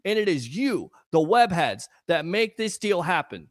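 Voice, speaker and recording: High-voiced earnest sports talk host. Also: male voice, sing-song, measured pace, no echo, studio quality. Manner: earnest, emotional, rambling; promotional, hyping the audience. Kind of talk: live sports talk stream.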